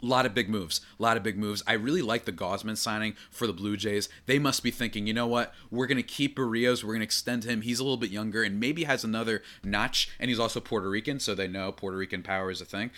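A man hosting a solo sports podcast, talking in a rambling, excitable way with many fillers and restarts. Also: lowish voice, fast, few pauses. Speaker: podcast host.

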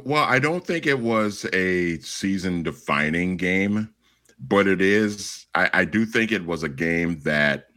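A man's voice: low voice, a bit bright. A man on a headset mic, a radio host guesting on a sports podcast, weighing his words with many fillers. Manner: thoughtful, searching with many fillers. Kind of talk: casual sports podcast chat. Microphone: headset microphone.

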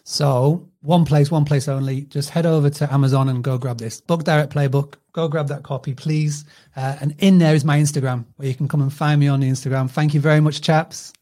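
A man in his thirties with a Northern English accent that has drifted from years of travel. His voice is mellow and warm, and he talks in a chatty way, restarting phrases and laughing easily as a guest on a podcast. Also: a little high, steady tone, fairly quick, hardly any pauses. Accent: Northern English, mixed. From England. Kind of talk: casual interview chat.

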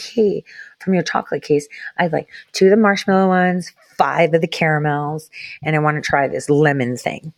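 Woman, lower voice, casual storytelling, swears freely, whispered asides, dry close sound. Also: no echo. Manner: chatty, profane, dropping into whispered asides. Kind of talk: casual anecdote.

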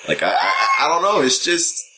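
A man co-hosting a podcast in casual chat, talking in a relaxed, candid way with dry quips. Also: on the high side, moderate pace, heavy background noise. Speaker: podcast co-host.

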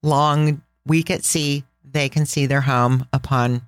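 A woman's voice: extremely low pitch, steady tone, slow, smooth, dry recording. A woman hosting a casual travel podcast, talking with enthusiastic, chatty storytelling. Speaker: podcast host.

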